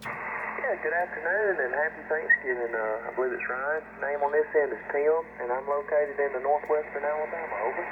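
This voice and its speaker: A man's voice: fairly high pitch, brisk. A man with a Southern US accent calling in on ham radio, polite and easygoing. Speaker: radio caller. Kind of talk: ham radio contact chat. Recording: dull noisy radio reception.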